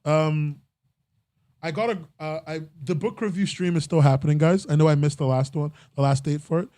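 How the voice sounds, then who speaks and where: A man's voice: fairly high pitch, fairly even intonation, normal speed, mellow, no room sound. Rambling young man with a dry voice. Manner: rambling, self-interrupting, laughs often. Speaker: podcast host. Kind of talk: casual podcast chat.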